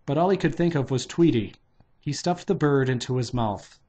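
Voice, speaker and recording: Man, casual reading aloud, mid-pitched voice, unpolished delivery, stops and restarts lines. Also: normal speed, dark tone, slightly rough. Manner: loose, unpolished delivery with restarts and "take two" retakes. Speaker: reader.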